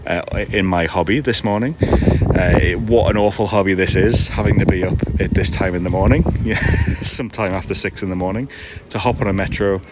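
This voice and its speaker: Man, very low voice, rambling self-deprecating chat, laughing often, recorded on an iPad outdoors, clear background noise. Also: a little fast. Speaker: streamer and podcast host. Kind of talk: casual rambling live-stream chat. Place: outdoor market stall in the early morning, seagulls around.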